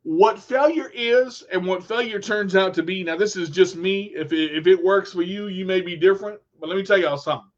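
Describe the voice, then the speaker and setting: Brief: high-pitched male host, unhurried, preachy motivational talk, lo-fi stream sound. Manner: preachy, repeats himself, addresses viewers as y'all. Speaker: show host.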